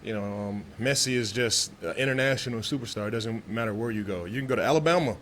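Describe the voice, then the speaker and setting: A man's voice: lowish voice, fast, a bit bright, a little hiss or hum. Laid-back man from Texas, press talk. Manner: laid-back, loose, repeats and restarts. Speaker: pro football player. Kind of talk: press conference answers.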